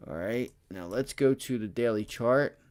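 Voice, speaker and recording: A tired, excitable man hosting a livestream, talking casually through stock charts and addressing his chat. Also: medium pitch, normal speed. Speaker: stock trading livestream host. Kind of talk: casual live chart commentary.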